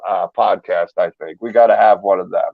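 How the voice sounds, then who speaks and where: A man's voice: sits low, steady tone, brisk, gravelly, dry recording, narrow, tinny audio. A man hosting a live chat show, talking casually, repeating and stumbling over words. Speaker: host.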